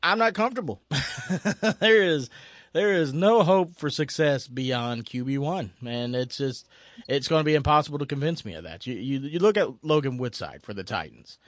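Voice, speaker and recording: A man hosting a casual sports chat, excitable, laughing often and stumbling over repeated words. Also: fairly high pitch, normal speed, dry recording, studio quality. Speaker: sports talk host.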